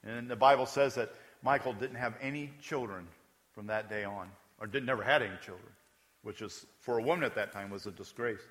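A man preaching a sermon in a lively, conversational style, with joking asides and questions to the congregation. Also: lowish voice, a little fast. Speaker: pastor. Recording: echoey hall.

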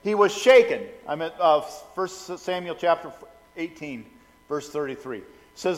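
A middle-aged man preaching a sermon in a relaxed, conversational way, often restarting his sentences. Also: a little high, unhurried, long reverb tail, rough recording. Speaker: pastor.

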